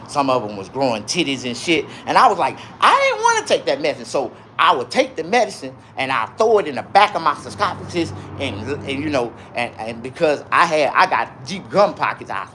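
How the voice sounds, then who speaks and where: During a livestream, a man rambles through a monologue full of profanity, reading out viewer comments and swinging into loud outbursts. His voice is mid-range, with slight background noise.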